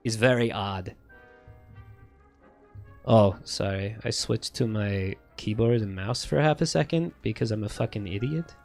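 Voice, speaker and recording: A man's voice: fairly low pitch, a little slow, vocal fry, a little mellow, faint music behind. Congested man rambling while streaming. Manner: rambling, self-mocking, heavy swearing. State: congested, stuffy nose. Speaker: game streamer. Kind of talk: casual livestream commentary. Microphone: earphones with a streaming mic.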